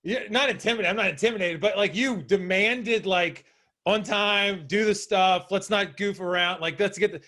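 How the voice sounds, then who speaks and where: A man with a notably high voice hosts a casual podcast interview. He rambles and leans on fillers in a playful way. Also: moderate pace, sharp tone. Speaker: podcast host and exam coach.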